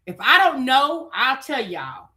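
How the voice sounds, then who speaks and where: A woman's voice: sits high, big pitch swings, slow, pushed and bright. A woman hosting a commentary show, talking bluntly and casually in slangy chat about online drama.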